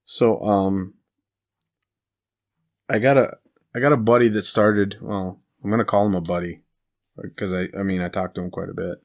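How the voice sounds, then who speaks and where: Male podcast co-host, very low voice, rambling casual storyteller who laughs at his own bits. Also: fairly even intonation, moderate pace, long pauses. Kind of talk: casual chat.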